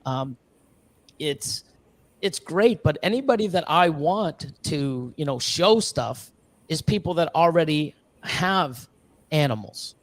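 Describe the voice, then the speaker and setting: A man from Canada talking casually on a live stream, rambling earnestly with many restarts and fillers, sometimes mimicking other people in quick bursts. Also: a little high, lively intonation. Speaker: reptile breeder guest.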